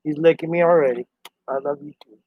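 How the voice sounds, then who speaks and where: A man's voice: fairly high pitch, steady tone, quick pace, slightly rough. A man chatting casually on a live stream, rambling to his viewers and his dog. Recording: dry, dull lo-fi sound.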